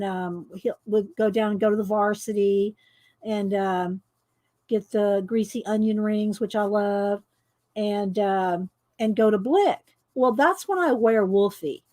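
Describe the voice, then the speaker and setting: A middle-aged woman, chatting loudly and laughing often as she tells stories while coloring. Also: mid-range voice. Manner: chatty storyteller who laughs often and talks loud. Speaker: coloring video host. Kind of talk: casual chat while coloring.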